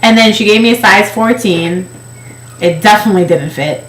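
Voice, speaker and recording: A woman's voice: mid-range voice, normal speed, a little hiss or hum. A woman candidly telling an emotional personal story about her past. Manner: candid, emotional, acts out quoted voices. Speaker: weight-loss project participant. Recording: echoey room.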